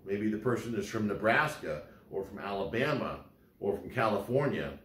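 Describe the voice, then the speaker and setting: A man's voice: on the low side, expressive, normal speed, a bit bright, a little hiss or hum. A man giving a law lecture in a conversational way, often repeating words and restarting his sentences as he explains. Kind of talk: recorded lecture. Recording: roomy echo.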